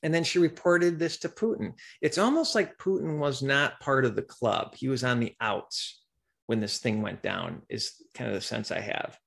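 A man's voice: medium pitch, normal speed, creaky, a bit bright. A man hosting a podcast, talking in a rambling way and reading news articles aloud. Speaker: podcast host. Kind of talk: conspiracy commentary podcast.

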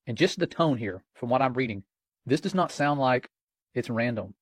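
A man's voice: medium pitch, lively intonation, moderate pace, dry recording. A middle-aged man co-hosting a Christian podcast, speaking in an earnest, alarmed way. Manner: earnest and alarmed, reads chat quotes aloud. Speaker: co-host of a Christian watchman podcast. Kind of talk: casual religious commentary.

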